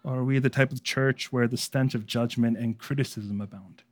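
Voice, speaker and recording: A man preaching a sermon as pastor, speaking conversationally and moving between raised emphasis and hushed earnestness. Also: mid-range voice, fairly even intonation, normal speed.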